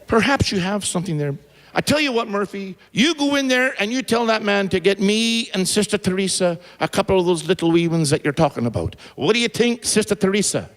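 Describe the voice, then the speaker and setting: A man with an Irish accent voicing a prim, disapproving old nun, shrill and preachy, on a live concert stage. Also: animated, fairly quick, big-room sound. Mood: scheming.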